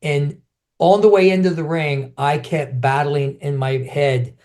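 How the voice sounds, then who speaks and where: A middle-aged man who was once a champion kickboxer tells his stories in a relaxed interview. His voice sits fairly high and his pace is measured, and he's lively, often starting over and mimicking other people's voices.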